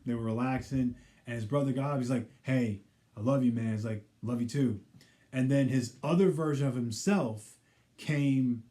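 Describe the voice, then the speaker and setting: Rambling man with a mellow voice. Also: mid-range voice. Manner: rambling, heavy use of "you know" fillers; acts out characters' quoted lines in passing. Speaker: pop culture vlogger. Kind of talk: casual episode recap.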